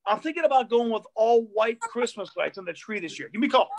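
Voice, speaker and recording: A man's voice: very high voice, big pitch swings, fast, heavily acted. Guy putting on his old dad's stiff rambly voicemail voice. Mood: rambling. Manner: stiff, clipped phone-message delivery. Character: older Sicilian dad leaving stiff, rambling voicemails.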